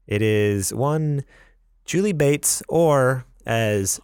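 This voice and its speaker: A man's voice: medium pitch, expressive, extremely slow, darkish tone, smooth, no room sound, clean studio sound. A young man from the US West Coast co-hosting a podcast, telling stories in a chatty way with frequent laughs. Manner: chatty, laughs often, self-deprecating. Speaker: podcast co-host. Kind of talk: casual podcast storytelling.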